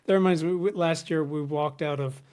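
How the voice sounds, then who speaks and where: A man's voice: a little high, steady tone, moderate pace, a little mellow. A middle-aged man co-hosting a podcast in casual chat, telling stories animatedly, swearing freely and acting out quotes. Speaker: podcast co-host.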